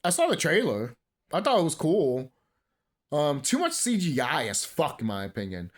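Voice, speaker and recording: A man's voice: fairly high pitch, huge pitch swings, moderate pace. A man in his thirties ranting casually as a movie commentary vlogger, profane and rambling, breaking into bursts of laughter. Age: 30s. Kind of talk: casual rant.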